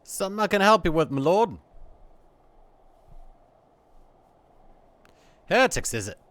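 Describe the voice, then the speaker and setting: A man voicing a low-born male soldier in a video game, talking in a folksy, rough way with dropped grammar. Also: lively intonation, normal speed, no room sound, close to an everyday voice. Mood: eager.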